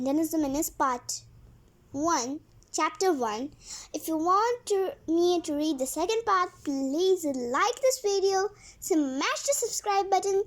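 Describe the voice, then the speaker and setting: A woman reading a children's story aloud and then addressing her viewers. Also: very high-pitched.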